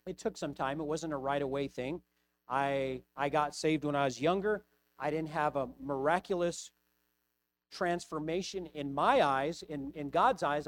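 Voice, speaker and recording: A man's voice: a little high, a little slow. A middle-aged man preaching a personal sermon, hesitant with repeated words, rising to impassioned pleading. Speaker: pastor.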